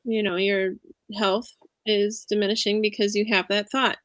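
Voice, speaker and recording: A woman's voice: mid-range voice, level tone, normal speed, fairly bright tone, no room sound. A woman in her thirties, an empowerment coach talking as a guest in a casual interview over a video call, earnest and reflective, sharing her experience in a confiding way.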